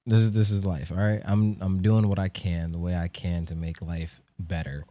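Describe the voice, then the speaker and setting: Young guy hosting a podcast, real deep mellow voice, blunt, swears, stammers a bit. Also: level tone, normal speed, few pauses, no room sound. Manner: blunt, profane, stammering starts. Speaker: host. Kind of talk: casual podcast chat.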